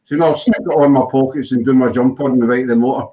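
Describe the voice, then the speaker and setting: Talking fast in a steady, dark, medium-pitched voice, a man hosts a casual chat podcast, wandering through stories with plenty of "you know." The audio quality is low.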